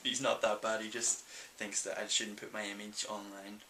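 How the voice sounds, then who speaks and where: A man's voice: on the low side, level tone, normal speed, pushed and bright, slight background noise, poor audio. A young man with a Northern Irish accent, answering viewer questions in a casual, rambling vlog full of ums. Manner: chatty and rambling, many ums. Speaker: vlogger.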